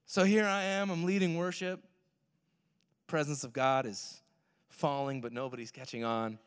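A young man telling a personal story in a sermon, animated, swinging from loud to hushed. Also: a little high, moderate pace, smooth. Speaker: worship pastor. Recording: long hall reverb.

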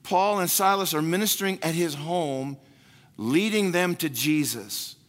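A man's voice: fairly high pitch, measured pace. A man preaching a sermon as pastor. He speaks emphatically, repeats key phrases, and acts out prayers and other people's words. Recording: long hall reverb.

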